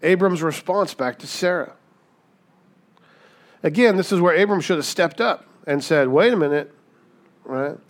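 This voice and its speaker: A man preaching a sermon in a lively, conversational way, acting out the people he quotes and often asking "right?". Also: high voice, moderate pace, pauses often. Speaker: pastor.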